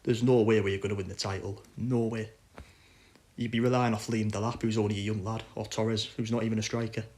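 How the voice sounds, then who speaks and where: A man's voice: lowish voice, flat delivery, brisk, darkish tone. Frustrated man ranting. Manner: frustrated, blunt, swears. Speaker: football fan podcaster. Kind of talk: casual ranting chat.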